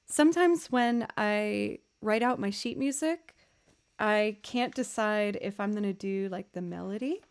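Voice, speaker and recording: A woman musician chatting casually with viewers on a livestream, bubbly and quick to thank them. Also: medium pitch, darkish tone. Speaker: musician streamer.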